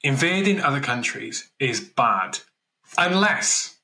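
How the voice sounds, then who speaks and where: A man's voice: mid-range voice, moderate pace, pushed and bright, low-quality recording. A man co-hosting a casual current-affairs podcast, chatty and thinking aloud as he talks. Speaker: podcast co-host.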